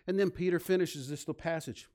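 A male pastor preaching a sermon, swinging from loud, emphatic lines to soft, hushed ones. He leads the congregation in call-and-response and drops in self-deprecating asides. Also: on the high side, fast talker.

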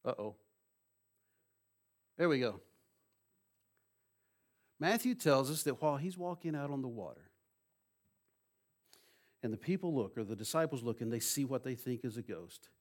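A man preaching a sermon, retelling a story with lively humor and asides to the congregation. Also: medium pitch, a little slow, pauses often. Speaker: pastor.

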